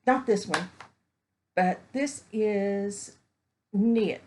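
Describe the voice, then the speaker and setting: Talking extremely slowly in a mid-range voice over background noise, a woman from Texas unboxes crafts indoors at home in the evening. She gushes and exclaims at every item as she chats.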